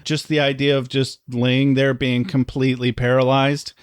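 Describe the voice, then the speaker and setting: A man's voice: mid-range voice, level tone, moderate pace, clear, resonant tone, no echo, clean studio sound. A man co-hosting a podcast, chatting casually about a TV episode, joking and swearing freely. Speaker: podcast co-host. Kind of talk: casual chat.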